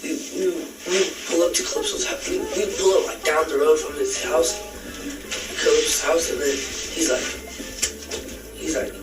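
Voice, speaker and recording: A man being questioned in a recorded police interview, retelling events in a halting, rambling way with many restarts. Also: a little high, reverberant, distant mic, music in the background, low-quality recording.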